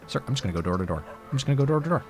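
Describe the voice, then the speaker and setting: A fawning door-to-door electricity company man, put on by a man. He talks in apologetic salesman patter, with a lot of swing in his pitch, and game music plays clearly behind him. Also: big pitch swings, rapid-fire, lightly acted. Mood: pushy.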